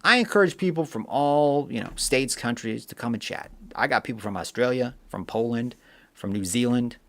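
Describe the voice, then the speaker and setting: A man's voice: mid-range voice, moderate pace, a bit bright. Male streamer, casual chatty delivery, filler-heavy, mid-range voice. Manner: chatty, reads viewer comments aloud, rambling with fillers. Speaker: livestream host. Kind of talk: casual live-stream chat.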